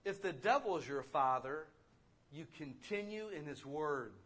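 Man, pastor, casual animated sermon, rhetorical questions, husky, somewhat high voice. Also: a little slow.

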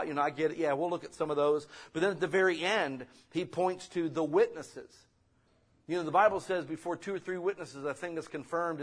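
A middle-aged man, a pastor, preaching a sermon in a casual, conversational way that swings from quiet asides to loud exhortation. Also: on the high side.

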